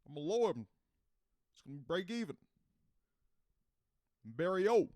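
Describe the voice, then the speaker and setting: Guy doing a way higher, louder president voice, halting, pausey, kinda grandstanding. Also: very animated, no room sound, studio quality. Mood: mock-presidential. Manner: halting, pausey delivery with repeated "listen". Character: mock Obama impression, adult man, grandstanding.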